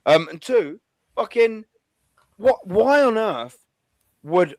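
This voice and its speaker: A man's voice: high voice, big pitch swings, slow pace, pauses often, darkish tone, no room sound. A man hosting a football call-in show, talking loosely with lots of restarts and the odd swear. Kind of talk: casual call-in football chat.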